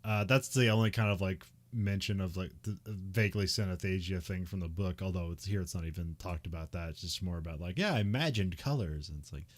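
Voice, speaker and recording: A man's voice: low-pitched, little pitch movement, fairly quick, few pauses. A man co-hosting a podcast, recapping a film in casual chat, rambling with lots of fillers and little laughs. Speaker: podcast co-host.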